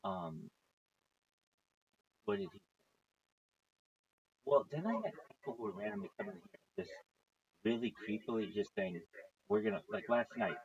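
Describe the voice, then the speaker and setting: A man's voice: medium pitch, gravelly. A man telling a rambling story on a casual livestream, swearing often and acting out what others said. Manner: rambling, swearing, quotes others in lively voices. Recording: dull lo-fi stream audio.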